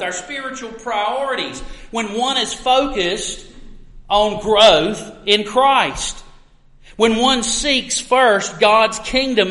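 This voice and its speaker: A man preaching an expository sermon as a pastor, earnest and emphatic, with pauses for stress. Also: high voice, sharp tone, roomy sound, long reverb tail, poor audio.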